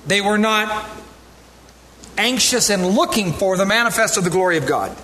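Delivering a sermon, this male pastor speaks in a high-sitting voice at a moderate pace, somewhat raised and animated. Emphatic peaks alternate with relaxed asides to the congregation. Slight background noise and faint room ambience are audible.

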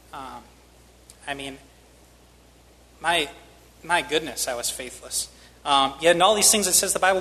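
Male preacher, sermon, bright tone, slightly high voice, long church-hall reverb. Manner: candid, self-deprecating, rising to emphatic stresses.

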